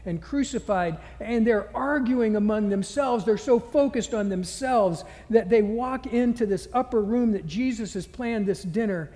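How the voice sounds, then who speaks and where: High, mellow-voiced preacher in a reverberant hall. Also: male voice, a little slow, few pauses. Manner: earnest storytelling, retelling scripture scenes. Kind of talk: sermon.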